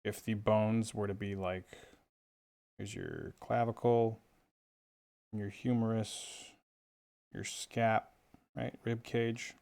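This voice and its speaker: Gravelly, playful male art instructor. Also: on the low side, level tone, slow, long pauses, a little mellow. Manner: playful, chummy, jokey. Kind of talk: drawing tutorial livestream.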